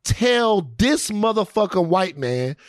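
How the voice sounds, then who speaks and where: A man voicing a proud old ancestor spirit with a slow, awed drawl. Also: high-pitched, very animated, no echo, studio quality, exaggerated voice.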